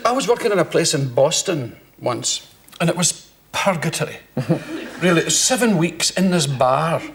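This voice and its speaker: A man's voice: fairly high pitch, fairly bright tone, slight background noise. A Scottish man telling comic anecdotes as a talk show guest, often breaking into laughter mid-sentence. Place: TV studio with live audience. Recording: studio audience laughing.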